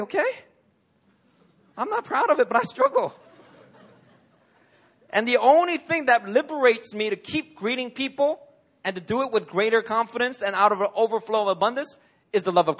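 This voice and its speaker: Animated high-voiced male pastor. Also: slightly rough. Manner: conversational, animated storytelling with laughs. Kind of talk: sermon. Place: church.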